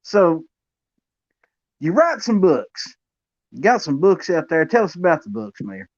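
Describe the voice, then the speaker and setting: A man's voice: a little high, very animated, unhurried, no echo, highs cut off. A man hosting a casual interview, easygoing as he reacts to stories and asks questions. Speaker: interview host.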